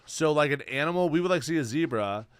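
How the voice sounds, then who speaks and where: A young man streaming, chatting casually in a rambling, slang-heavy, excitable way. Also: on the high side, quick pace, clean tone, no room sound. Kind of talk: casual chat.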